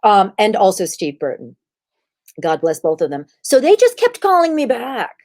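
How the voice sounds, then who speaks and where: A woman's voice: mid-range voice, moderate pace. A woman, an actress as guest, telling stories in an interview over a video call and acting out the voices she quotes. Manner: animated, acts out quoted voices. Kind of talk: interview storytelling.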